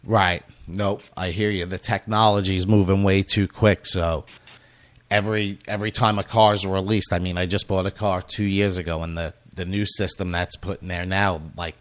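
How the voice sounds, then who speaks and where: A male radio host with a very low voice that is going hoarse. He rambles through casual questions, full of fillers and restarts. The sound is dry and close. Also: flat delivery, normal speed, no room sound. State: losing his voice. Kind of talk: casual interview chat.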